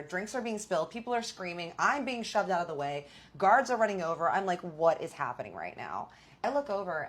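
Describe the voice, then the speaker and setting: Young woman with a low voice, chatty storytime, gets dramatic with the quotes. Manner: animated, dramatic retelling with quoted dialogue. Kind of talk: casual storytime.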